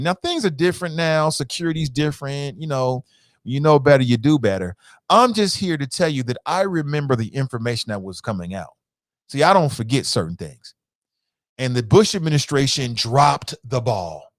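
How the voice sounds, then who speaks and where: A male talk radio host in his fifties delivers a blunt, profane monologue, hammering his points home by repeating them. His pitch rises and falls with lively swings. The sound is dry and close, with no room around it. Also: normal speed, no echo. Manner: blunt, profane, impassioned, repeats phrases for emphasis.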